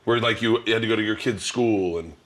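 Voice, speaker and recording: A man's voice: on the low side, quick pace, fairly bright tone. A man hosting a cooking show, chatting loosely and rambling through stories with his guests. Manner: rambling, loose storytelling with restarts. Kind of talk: casual banter while cooking.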